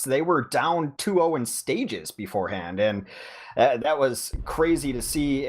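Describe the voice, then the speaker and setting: A man co-casting an esports match in a loose, conversational way, with plenty of "you know" and restarts. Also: medium pitch. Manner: conversational, frequent fillers and restarts. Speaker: esports co-caster. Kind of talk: esports commentary.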